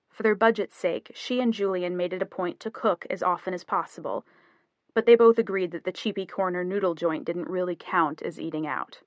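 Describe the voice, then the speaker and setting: A woman narrating a novel as an audiobook, in measured scripted storytelling. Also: on the low side, no echo.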